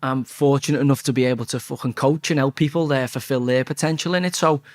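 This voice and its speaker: A man's voice: mid-range voice, quick pace. A man in his forties with a Scouse accent, a former footballer telling stories as an interview guest, swearing freely and acting out quotes. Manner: swears freely, lively anecdotes with acted-out quotes. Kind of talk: casual storytelling interview.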